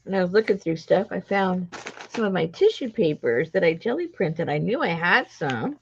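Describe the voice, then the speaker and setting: A woman's voice: on the low side, animated, moderate pace, creaky, muffled recording, a little hiss or hum. A woman with a stuffed-up nose, chatting casually and laughing often as she greets viewers on her craft live stream.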